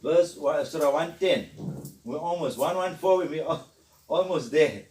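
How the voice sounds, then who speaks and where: A middle-aged man teaching a religious study lesson, emphatic and excitable, switching between chanted recitation and explanation. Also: fairly high pitch, measured pace. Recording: echoey room, mic at a distance.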